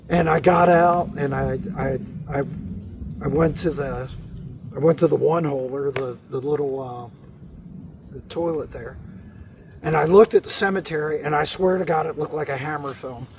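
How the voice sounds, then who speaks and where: A middle-aged man telling camping stories in a casual, animated way, laughing often and restarting sentences. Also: fairly high pitch, a little hiss or hum. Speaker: podcast guest, bicycle tourer. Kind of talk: casual storytelling.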